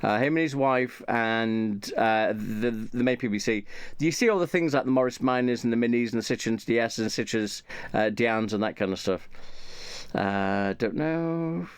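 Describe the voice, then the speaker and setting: A man's voice: lowish voice, moderate pace, clean tone, no room sound. A man chatting casually and rambling, with many fillers and restarts. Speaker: channel host.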